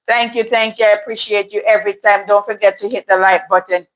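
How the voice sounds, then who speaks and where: A woman's voice: medium pitch, fairly even intonation, fast, fairly bright tone, low-quality recording. A woman hosting a casual livestream, reading viewers' comments and answering them candidly. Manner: candid, chatty, laughs often. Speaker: livestream host reading chat. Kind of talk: casual live chat. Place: home in Toronto.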